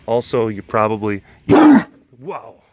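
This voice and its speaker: A man vlogging outdoors by animal enclosures, telling stories with a laugh and then talking softly to calm a big cat. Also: lowish voice, takes it slowly, a little hiss or hum. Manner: rambling, laughing storyteller who shifts to hushed coaxing talk with a big cat. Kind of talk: casual vlog chat.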